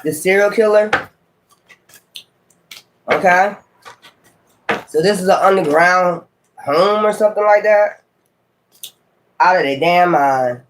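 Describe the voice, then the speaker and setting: A man's voice: high voice, takes it slowly, pauses often, fairly bright tone, a little hiss or hum. A man, giving a casual tarot reading, musing aloud with sudden exclamatory asides. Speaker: tarot reader.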